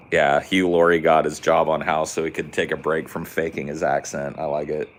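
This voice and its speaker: A man's voice: extremely low pitch, a little hiss or hum. A man co-hosting a podcast, joking and riffing in casual chat. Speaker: podcast co-host.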